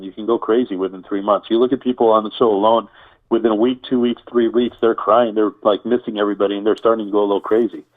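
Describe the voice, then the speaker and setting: Man explaining over a tinny line. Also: lowish voice. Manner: enumerating, repetitive, rhetorical questions. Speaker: survival expert guest. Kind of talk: conversational interview explanation.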